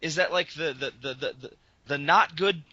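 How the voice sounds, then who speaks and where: Exasperated man ranting, bright voice. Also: a little high, normal speed, no room sound. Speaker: podcast co-host. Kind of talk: casual comedic chat. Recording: dull lo-fi podcast audio.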